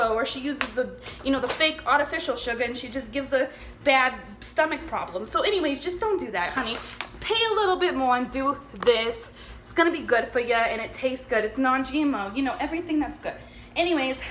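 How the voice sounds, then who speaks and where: A woman's voice: high voice, sharp tone. A woman playing a brash, gossipy cooking-show host from New Jersey, who rambles, swears and keeps calling her viewers honey. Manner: chatty, rambling, profane, calls viewers honey. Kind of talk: comedic cooking sketch. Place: home kitchen. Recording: echoey room with faint background noise.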